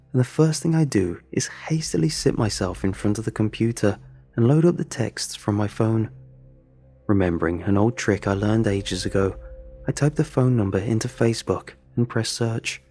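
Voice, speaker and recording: Low, husky male storyteller. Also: darkish tone. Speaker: narrator. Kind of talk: first-person horror story narration.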